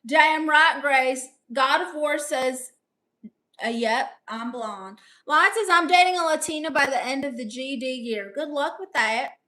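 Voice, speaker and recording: A woman's voice: high voice, unhurried, bright, forceful tone. A young woman live-streaming, reading viewer comments aloud and firing back sassy, brash comebacks.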